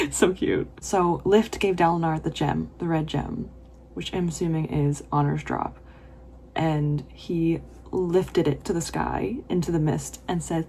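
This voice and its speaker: A woman's voice: low-pitched, moderate pace, slight background noise. A woman vlogging as she reads a novel, reading passages aloud and then gushing about them with emotion, sometimes dropping to a whisper. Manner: breaks into whispers and laughter. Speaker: book vlogger.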